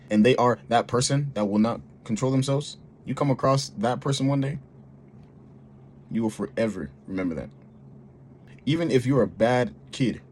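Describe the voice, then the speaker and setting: A man giving earnest, serious commentary in a calm manner. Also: fairly low pitch, slight background noise.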